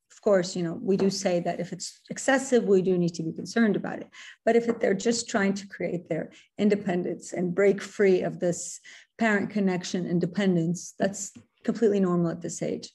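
Earnest woman speaker with a mellow voice. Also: lowish voice, steady tone, normal speed. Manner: earnest, repeats and corrects herself, mixes in Arabic phrases. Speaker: workshop speaker. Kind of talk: webinar presentation to parents.

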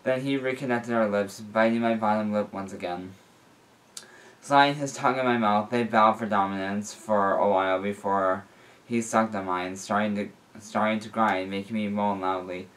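A man reading a fan fiction story aloud in a plain, unhurried way. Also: fairly low pitch, fairly even intonation, a bit bright. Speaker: reader.

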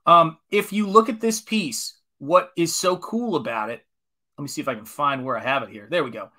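Forties guy painting comics live, hypes stuff up and says hi to chat, bright punchy voice. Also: fairly high pitch, moderate pace. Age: 40s. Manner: enthusiastic, greets chat viewers, rambling asides. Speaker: comic artist streaming live. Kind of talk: casual live-stream chat while painting.

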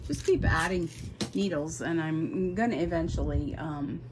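A woman's voice: sits low, unhurried, background noise. A woman chatting to viewers while working at a machine, flustered and apologetic. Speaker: embroidery vlogger. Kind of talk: casual how-to chat while working. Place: home sewing room with window open and ceiling fan. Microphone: camera mic, no microphone on.

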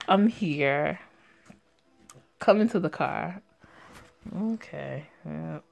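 A woman reading a story game aloud and reacting to it in a sassy, profane way that is quick to laugh. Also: sits low, creaky, a little mellow.

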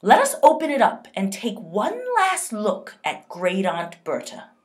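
A woman's voice: medium pitch, wildly swooping pitch, a little slow, pitched above the performer's own voice. A woman reading as a harsh soldier officer. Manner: harsh, condescending, demanding. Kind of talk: reading a novel aloud.

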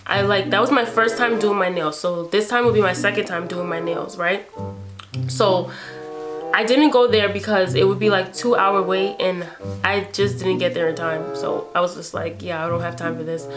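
A woman's voice: medium pitch, steady tone, moderate pace. A young woman in her twenties from New York, casually telling a story and animatedly acting out her own reactions, with music playing behind her. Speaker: beauty vlogger.

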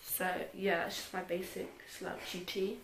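A woman's voice: on the low side, little pitch movement, a little slow, echoey room, background noise. A tired young British woman chatting casually through a clothing haul, self-mocking and muttering asides. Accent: British English. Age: young adult. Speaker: YouTuber.

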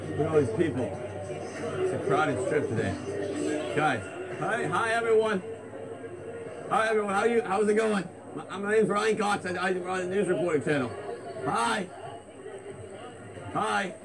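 A man's voice: sits high, expressive, a little slow, pauses often, over music, crowd noise. A man hosting a comedic vlog, hyped and out of breath, repeating himself as he walks outdoors. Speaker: parody vlogger host. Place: outdoors on a busy street. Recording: loud street noise.

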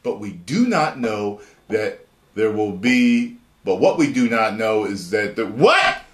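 Animated, rambling man commentator. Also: fairly low pitch, takes it slowly. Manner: animated, profane, rambling, reads article aloud. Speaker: YouTube commentator. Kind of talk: excited reaction commentary. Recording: roomy echo.

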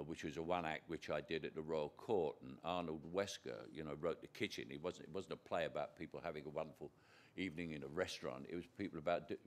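An older man from Britain, a guest actor in an on-stage conversation before an audience, telling rambling anecdotes with chuckles and frequent restarts. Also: very deep voice.

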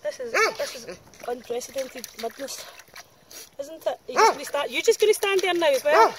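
A professional dog walker films a chatty vlog on a muddy countryside walk, exclaiming and teasing the dogs around her. Her voice is high-pitched and moderately paced. Dogs bark and a crowd can be heard in the background of the noisy outdoor recording.

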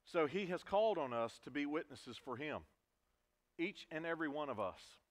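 A man's voice: a little high, animated, moderate pace. A man preaching a sermon in a church, earnest, stressing key words and repeating them for emphasis. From Virginia, US. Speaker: pastor. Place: church sanctuary.

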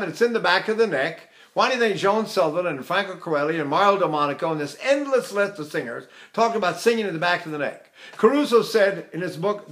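An older man leads a singing lesson with a high, bright voice. He talks with lively energy and often breaks off to demonstrate sounds. He chuckles readily as he explains technique. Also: fast, hardly any pauses. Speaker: voice teacher.

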